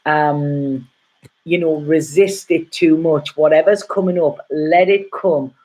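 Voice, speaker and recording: A woman's voice: low voice, steady tone, slow, mellow. A middle-aged woman gives a casual, rambling and heartfelt tarot reading, often checking in with "okay?". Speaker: tarot reader.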